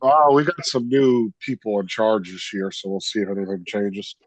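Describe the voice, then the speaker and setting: A man's voice: lowish voice, moderate pace, dry recording, poor audio. A blunt man chatting casually on a live stream, swearing now and then. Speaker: school bus district worker.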